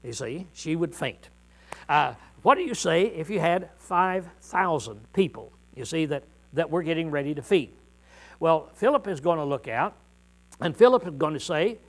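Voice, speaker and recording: A middle-aged male preacher teaching a congregation in a folksy, conversational way, often clearing his throat and pausing with "uh". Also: a little high, expressive, poor audio. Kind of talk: informal Bible teaching to a congregation.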